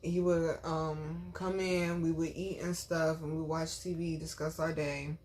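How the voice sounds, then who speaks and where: A woman's voice: sits low, little pitch movement, measured pace, a little mellow. A woman hosting a vlog, telling a personal story in an emphatic, chatty way, with frequent asides to her viewers. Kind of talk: casual storytelling.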